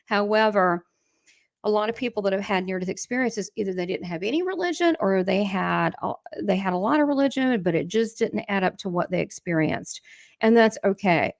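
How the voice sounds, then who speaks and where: A woman's voice: mid-range voice, vocal fry, no room sound, studio quality. A middle-aged woman hosting a casual livestream. She is chatty, laughs often and talks straight to her viewers while reading their comments. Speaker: livestream host and spiritual coach.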